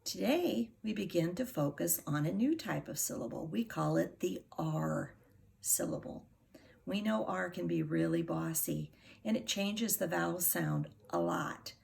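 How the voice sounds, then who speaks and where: A middle-aged woman teaching a phonics lesson to young children, sounding out words slowly and patiently. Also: lowish voice, sing-song, gravelly, a little mellow. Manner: slow, patient, over-articulated sounding out.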